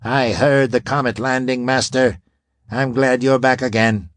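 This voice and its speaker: Grag, as a man puts on a booming robot. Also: steady tone, measured pace, no room sound, close to an everyday voice. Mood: eager. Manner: booming, indignant. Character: huge booming robot man, loyal and proud. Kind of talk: audiobook character voice.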